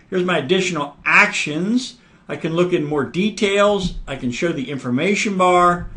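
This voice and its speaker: A man narrates a screen-recorded software tutorial in a relaxed, conversational way. His voice sits a little higher than most men's. He talks through each click as he goes and often pauses to clear his throat. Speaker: software instructor.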